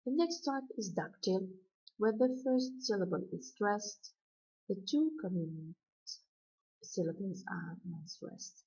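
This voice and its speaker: A woman lecturer explaining poetic meter in a slow, deliberate way, chanting out stress patterns. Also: mid-range voice, animated, dark tone, breathy edge. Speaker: university lecturer. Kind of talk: recorded poetry lecture. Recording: dull lo-fi recording.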